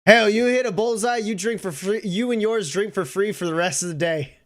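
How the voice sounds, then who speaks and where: A man voicing an excitable male saloon bartender who exclaims and swears in amazement, for a tabletop game. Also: high-pitched, a little fast, voice pushed up, natural voice. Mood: amazed.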